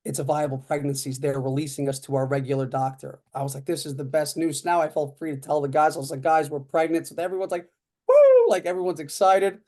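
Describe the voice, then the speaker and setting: Man, 30s, podcast guest; fairly high, mellow voice, animated storyteller who acts out dialogue. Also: quick pace, hardly any pauses. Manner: frequent fillers like "uh" and "like". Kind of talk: casual storytelling.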